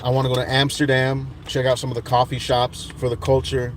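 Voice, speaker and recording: A man's voice: mid-range voice, monotone, fairly quick, background noise. A man in his thirties, casually chatting on a livestream and reading out viewer comments in a laid-back, rambling way with lots of restarts. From United States. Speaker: livestream host reading chat. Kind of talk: casual chat.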